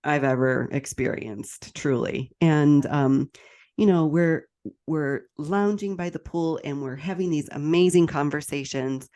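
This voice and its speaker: A woman's voice: deep voice, a little slow, mellow. A middle-aged woman hosting a podcast, talking reflectively in casual conversation with many fillers. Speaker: podcast host.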